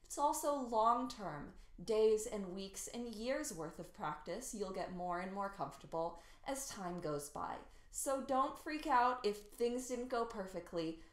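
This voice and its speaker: A woman singing teacher coaching beginners through warmups in an encouraging way. Her voice is slightly scratchy. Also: medium pitch, animated, a little slow, few pauses. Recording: roomy echo, faint piano. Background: faint piano.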